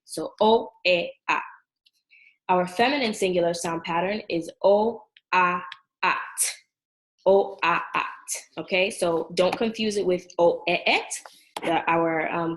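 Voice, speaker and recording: A woman teaching a Hebrew verb lesson, going clearly and patiently through sound patterns and conjugations. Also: on the low side, poor audio. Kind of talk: language lesson.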